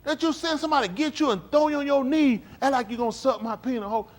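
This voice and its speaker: A man with a very high voice preaches quickly in a live-streamed sermon. Animated and emphatic yet conversational, he swings between quiet and loud while the congregation answers him back.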